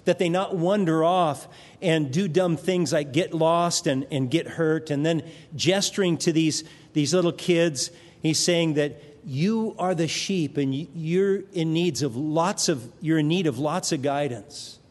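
A man preaching a sermon as pastor, emphatic, with dramatic pauses, recorded in a church sanctuary. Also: a little high, darkish tone. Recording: long reverb of a large hall.

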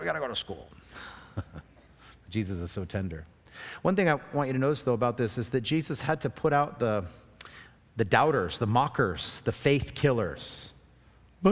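Preaching man in a reverberant hall. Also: mid-range voice. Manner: animated, swings from soft and tender to loud and urging. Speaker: pastor. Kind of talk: expository sermon. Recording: long reverb of a large hall.

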